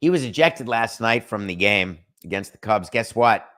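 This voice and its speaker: A man's voice: fairly low pitch, animated, moderate pace, fairly bright tone. A middle-aged man hosting a sports talk show, ranting in an opinionated, sarcastic monologue. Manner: sarcastic, emphatic, rants with mock quotes.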